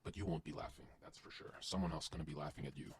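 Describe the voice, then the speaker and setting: A man guesting on a podcast, delivering an intense, profane motivational rant that swings from loud to hushed. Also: rumbling low, fairly even intonation, fast, vocal fry, slight background noise.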